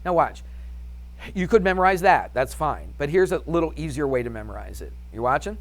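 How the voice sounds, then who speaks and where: Very animated and brisk, this man's voice sits on the high side. He teaches a math class in an upbeat, chatty manner, firing questions at students and then answering them himself.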